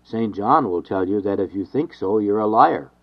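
A man giving an earnest, measured reading of a devotional sermon with steady, repeated refrains. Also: lowish voice. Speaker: reader of a devotional text. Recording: dull lo-fi recording.

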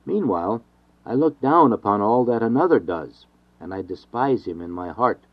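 Low-voiced man reading a sermon. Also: moderate pace. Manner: earnest, steady reading with repeated refrains. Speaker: reader of a devotional text. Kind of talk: measured scripted reading of a sermon. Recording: dull lo-fi recording.

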